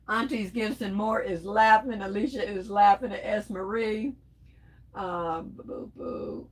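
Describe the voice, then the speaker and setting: A middle-aged woman with a mid-range voice hosts a casual livestream, reading viewer comments aloud and teasing back at them. She's chatty, calls viewers "y'all," and laughs often, though the audio is poor.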